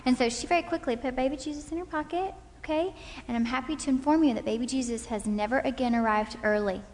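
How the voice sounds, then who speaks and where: With a high voice and a quick pace, a thirties-aged woman addresses a couples' talk audience, warmly recounting personal anecdotes and repeatedly asking "okay?" The hall's long reverb is audible.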